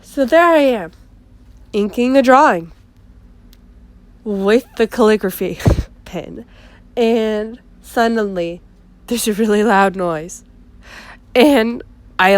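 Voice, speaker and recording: Congested woman vlogger, slow, easygoing storytime delivery, dry close sound. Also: fairly high pitch, dry recording. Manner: laid-back, laughing, filler-heavy storytelling. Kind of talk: casual storytime chat.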